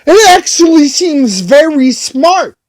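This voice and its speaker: A man recounts a run-in with police in an angry, profane rant. His voice sits high, and he circles back to the same phrases over and over. He talks at a slow, dragging pace. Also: big pitch swings. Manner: profane, repetitive, heated.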